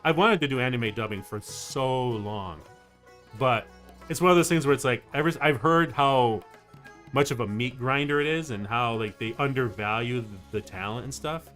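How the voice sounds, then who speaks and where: Male VTuber streamer, animated delivery, chatty and rambling, faint game music behind. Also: medium pitch, moderate pace. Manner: rambling, excitable, lots of fillers and laughs. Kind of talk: casual livestream chat while gaming.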